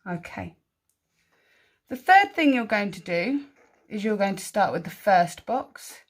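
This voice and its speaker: A woman leads a spelling lesson for children at an unhurried pace. She stretches out each word, sounding out syllables and single sounds with care, and praises the right answers warmly. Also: mid-range voice. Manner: slow, clearly sounding out words and syllables. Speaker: primary school teacher.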